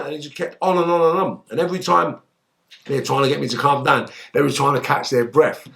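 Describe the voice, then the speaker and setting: A man, a guest in an interview, telling a story in lively, swearing style and acting out the lines he quotes. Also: fairly high pitch, quick pace, creaky. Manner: animated, swearing, acts out shouted quotes.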